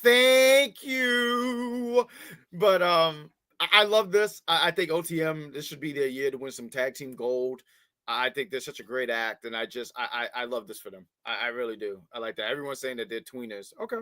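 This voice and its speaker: A man's voice: medium pitch, moderate pace, dry recording. A man co-hosting a wrestling review show, talking casually and with feeling, often repeating his words as he starts a thought. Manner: animated, repeats words, baby-talks to his cat.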